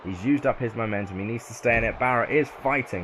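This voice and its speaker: A man with a southern English accent doing play-by-play commentary over a video game, excitable and yelling at close calls. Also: medium pitch, quick pace, a little hiss or hum. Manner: excitable, yells at near-falls.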